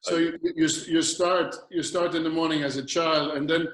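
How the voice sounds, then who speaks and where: A man with a somewhat high voice talks loosely over a video call, repeating words as he goes. The audio is roomy, with noticeable echo around him. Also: fairly even intonation, moderate pace, a bit bright. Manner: loose, repeats words, laughs while talking. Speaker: panelist. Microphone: video call microphone.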